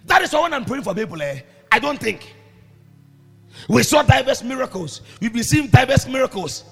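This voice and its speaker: A man preaching a sermon as pastor, breaking into shouts and sung phrases, recorded in a reverberant church hall with music behind. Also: extremely high pitch, very animated, brisk, creaky, husky.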